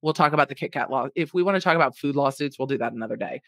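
A woman's voice: a bass voice, racing, a bit bright, dry recording. A woman hosting a podcast, chatting casually and wryly about a food lawsuit. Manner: chatty, wry, sarcastic asides. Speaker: podcast host.

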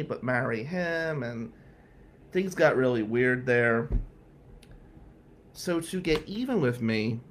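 A man telling a story on a radio talk show, animated and acting out the voices of the people he quotes. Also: a little high, slight background noise. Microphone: studio microphone.

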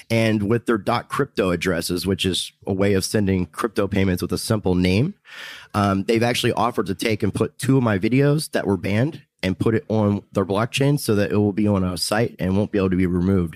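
Low-voiced man rambling in a dry room. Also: no echo. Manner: rambling, repeats himself. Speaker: YouTuber guest. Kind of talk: casual interview chat. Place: restaurant VIP room.

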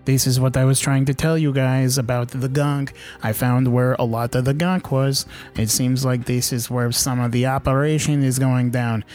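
A man's voice: medium pitch, flat delivery, normal speed, few pauses, a little mellow, faint music behind. A man playing a tabletop game in a casual, joking way, often speaking in character. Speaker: player.

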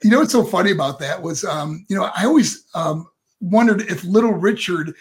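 High-voiced older man, gravelly laugh. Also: a little fast. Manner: animated, laughing, acts out voices in anecdotes. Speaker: guest, former pro wrestler. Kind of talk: casual storytelling.

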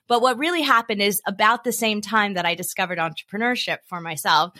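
Woman, podcast guest, bright clear voice, animated storytelling. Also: mid-range voice. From South Africa. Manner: animated storyteller, acts out quoted dialogue. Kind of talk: interview answers.

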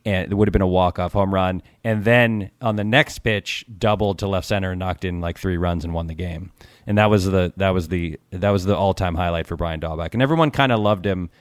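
A man's voice: low voice, brisk, no echo, clean studio sound. A man in his forties, a podcast guest, telling long rambling stories in casual chat.

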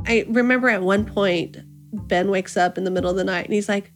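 A woman in her thirties telling a personal story in a casual, animated way, acting out what people said. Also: mid-range voice, quick pace, soft background music. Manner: animated, acts out quotes, laughs. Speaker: interviewee, new mother.

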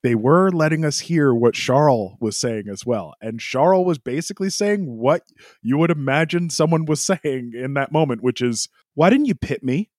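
A man co-hosting a casual podcast chat, expressive and quick to imitate the radio messages he heard. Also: mid-range voice, no echo, clean studio sound. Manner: lively, expressive, mimics radio calls. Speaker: podcast co-host.

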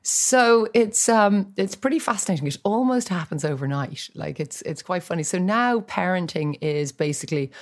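A woman in her forties, a guest in a casual chat, telling animated stories and acting out voices for comic effect. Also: on the low side, moderate pace, hardly any pauses.

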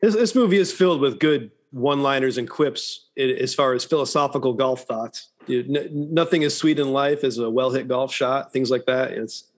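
A male podcast co-host chats casually about a movie in a medium-pitched voice at a moderate pace with few pauses. He laughs often and keeps restarting his sentences.

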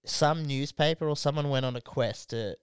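A man's voice: fairly high pitch, moderate pace, smooth, no echo, clean studio sound. A man co-hosting a podcast, in loose, swearing casual banter, acting out quotes as he tells stories. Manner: swears a lot, slangy, acts out quotes. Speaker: podcast co-host.

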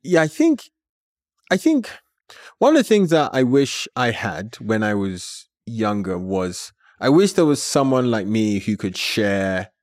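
A man, a company founder, telling a story as an interview guest in an animated way, with many filler words. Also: fairly low pitch, measured pace, dry recording, clean studio sound.

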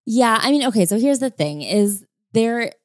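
A woman's voice: fairly high pitch, lively intonation, normal speed, no echo, clean studio sound. A woman co-hosting a casual podcast chat about a book, talking chattily with lots of fillers and acting out quoted voices. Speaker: podcast co-host.

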